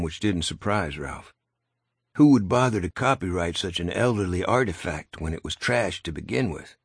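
A man's voice: lowish voice, creaky, slightly rough, no echo. A man narrating an audiobook in a dry, wry storytelling manner, close to the mic. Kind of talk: scripted narration.

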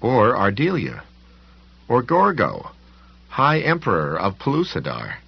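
A man narrating an audiobook in an expressive, dramatic reading. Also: on the low side, a little slow, vocal fry, breathy edge, no echo, highs cut off.

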